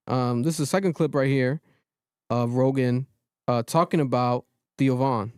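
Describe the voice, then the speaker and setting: A man's voice: medium pitch, fairly even intonation, normal speed, darkish tone, clean tone, dry recording, clean studio sound. A man hosting a podcast livestream, chatting casually and joking while he introduces clips. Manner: laid-back, joking, chatty.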